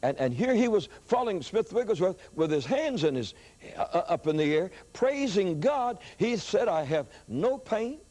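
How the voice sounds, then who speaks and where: An older man preaching, telling a story in an animated sermon style with excited rises in his voice. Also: moderate pace. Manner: animated storyteller, rising pitch when excited.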